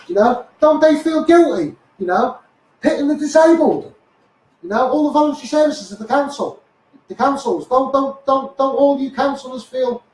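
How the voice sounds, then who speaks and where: A Scouse man with a very high voice rants angrily through a live stream. He swears, trips over repeated words and keeps coming back to "mate" and "you know". His voice sounds distant and bounces around an echoey room. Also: darkish tone. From Liverpool, England. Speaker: activist livestreamer. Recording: echoey room, voice far from the mic.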